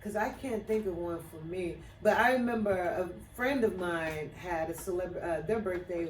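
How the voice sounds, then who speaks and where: A co-host of a casual group chat, speaking in a slow, laid-back way. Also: mid-range voice. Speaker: podcast co-host. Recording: echoey, distant, faint hiss.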